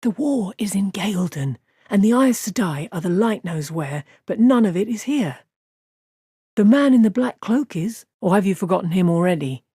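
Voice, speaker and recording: A woman's voice: medium pitch, expressive, normal speed, dark tone, slightly rough, no echo, clean studio sound. A woman voicing an earnest, anxious young farm man in an audiobook, speaking in an urgent, insistent way.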